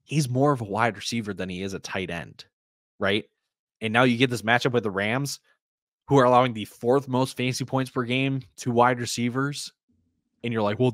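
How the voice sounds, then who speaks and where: A man's voice: mid-range voice, dry recording, clean studio sound. A man co-hosting a podcast, laid-back but stat-heavy as he makes his fantasy football case. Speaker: podcast co-host. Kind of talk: casual fantasy football chat.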